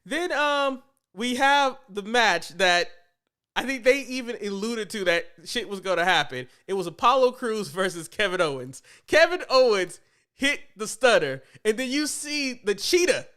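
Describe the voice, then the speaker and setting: A man co-hosting a casual wrestling podcast, animated and quick to laugh. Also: sits high, clean tone. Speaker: podcast co-host.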